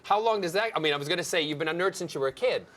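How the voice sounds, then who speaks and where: Male TV host, bright slightly high voice, eager, stumbles and restarts. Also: racing. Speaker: talk show host. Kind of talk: TV studio interview. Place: TV studio.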